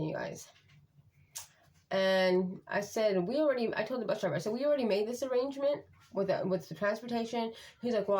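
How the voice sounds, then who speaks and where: A woman vlogging as a parent, talking frankly and rambling with many fillers in casual talk to camera. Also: medium pitch.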